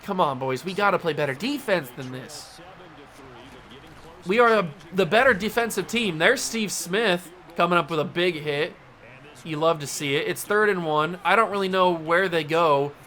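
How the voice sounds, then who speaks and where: A man hosting a gaming channel, commentating his own video game play and yelling in frustration when it goes wrong. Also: a little high, moderate pace, long pauses.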